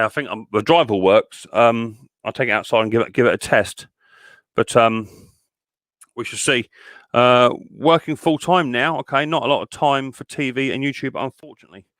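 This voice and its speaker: A middle-aged man talks to his viewers in an easy, rambling way, stopping and restarting his sentences. His voice is bright and forward. The sound is dry and close. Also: medium pitch, dry recording. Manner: chatty, rambling, full of fillers and restarts. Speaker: livestream host and mower repairer. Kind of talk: casual livestream chat.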